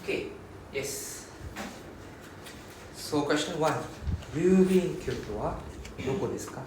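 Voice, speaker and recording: A man's voice: on the high side, expressive, slow, background noise. A man with a Singaporean English accent, teaching a Japanese lesson in a classroom and explaining patiently, often checking in with the students. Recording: echoey classroom.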